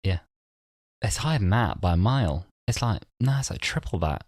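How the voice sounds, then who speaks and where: A man in his twenties co-hosting a podcast in casual chat, laughing often and rushing through stories. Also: lowish voice, lively intonation, darkish tone, no room sound, clean studio sound. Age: 20s. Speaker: podcast co-host.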